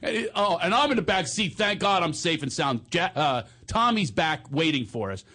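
A man's voice: on the high side, moderate pace. Guy telling a crazy story, voice swoops all over, keeps cracking up. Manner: animated, laughing storyteller who acts out the parts. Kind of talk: casual chat.

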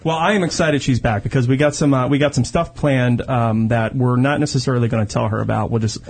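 A man's voice: medium pitch, fairly even intonation, fast, breathy edge. A man co-hosting a comedy talk show, joking and laughing through casual banter. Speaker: radio show co-host.

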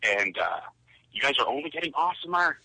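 Bright-toned Canadian male caller on the phone. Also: a little high, expressive, fast, slightly rough, dry recording. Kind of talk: phone-in chat. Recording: dry phone line.

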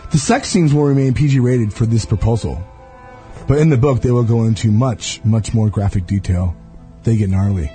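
A man's voice: fairly low pitch, normal speed, mellow, faint music behind. A man co-hosting a podcast who teases and mocks the others in casual banter. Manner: teasing, mocking. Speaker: podcast co-host. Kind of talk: casual banter, reading aloud.

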